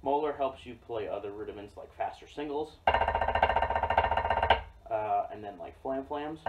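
A man teaching a drum rudiment in a relaxed, explanatory way, often checking in with "okay?". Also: lowish voice, dull audio. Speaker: drum instructor. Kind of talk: casual instructional demo. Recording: distant mic with loud noise and drum clicks.

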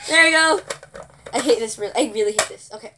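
A woman's voice: on the high side, fast, noisy background. A woman reviewing a product in casual chat, sarcastic and giggly, often exasperated.

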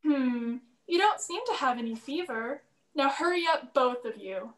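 A young woman playing a caring mother in a school play, fussing over her children and gently scolding. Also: sits high, lively intonation, normal speed, roomy sound. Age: young adult. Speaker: student actor. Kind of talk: stage play acting.

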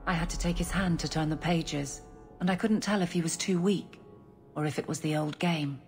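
A low-voiced grieving guard captain for a game, quiet and restrained, never raising her voice. Her words come plain and steady, and faint music plays under her. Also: moderate pace. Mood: somber.

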